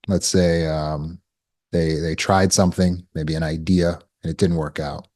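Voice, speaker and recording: A man with a deep, low voice leads a live online coaching class over a video call. He is encouraging, affirms answers with quick praise and keeps asking "right?". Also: flat delivery, a little mellow. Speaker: healing coach. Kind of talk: live online teaching session.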